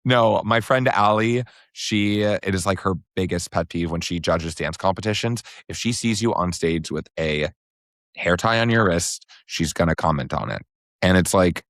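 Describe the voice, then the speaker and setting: Low-voiced guy cohosting a podcast, jokey and playful, dry close sound. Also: a bit bright, dry recording. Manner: playful, joking, quick bursts. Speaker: podcast co-host. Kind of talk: casual chat.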